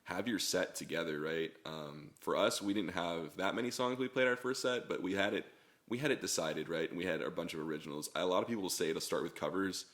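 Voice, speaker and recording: A hoarse man, a band's singer who has lost his voice, chatting casually as an interview guest and often ending points with "right?". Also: sits low, fairly quick. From Texas. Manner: relaxed, talks in long runs with many "right?" tags. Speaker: guest musician, band singer.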